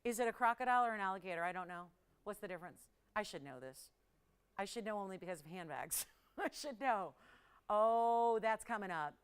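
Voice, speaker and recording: A woman hosting a live jewelry shopping show, chatty and excitable, often laughing and talking to callers and operators. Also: medium pitch, a little fast, clear, resonant tone.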